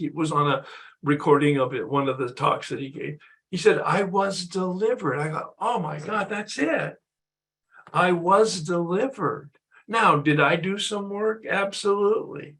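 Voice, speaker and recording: A man's voice: on the high side, a bit bright. A man leading an online recovery workshop, sharing his own experience in a reflective way before opening the floor for questions. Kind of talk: reflective talk to an online group.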